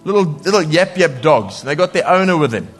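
Lively male preacher, higher voice. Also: fairly quick, faint music behind. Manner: lively, laughs often, mimics voices in quotes. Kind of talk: sermon.

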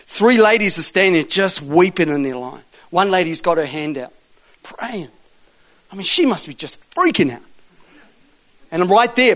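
A high-voiced man preaching a sermon tells a testimony story, acting out the dialogue, then builds to forceful exhortation.

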